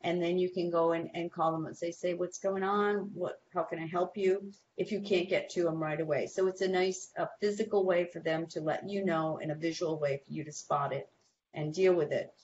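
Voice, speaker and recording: A woman with a slightly low voice talks parents through school behavior plans, telling quick stories and acting out what teachers and principals say. The audio is dull and lo-fi, with a faint hiss underneath. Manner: animated storytelling, acts out quoted people. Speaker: guest behavior expert. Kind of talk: advice on a talk show.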